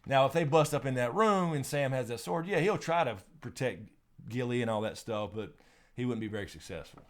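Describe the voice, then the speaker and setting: A man's voice: mid-range voice, fairly quick. A young man hosting a live stream Q&A, chatting casually, rambling, laughing often and swearing.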